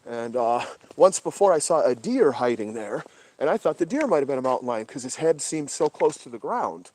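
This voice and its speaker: A man hosting a livestream outdoors at night, talking casually and swearing a lot, often dropping to a hushed whisper. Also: medium pitch, big pitch swings, normal speed. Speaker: livestream host. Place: outdoors at night in brush by a creek.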